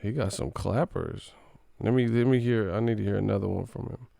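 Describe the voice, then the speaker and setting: Male streamer, animated and slangy; gravelly, dry sound. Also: on the low side, a little fast, no echo. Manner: animated, slangy, laughs often. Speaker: live streamer. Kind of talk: casual live-stream chat.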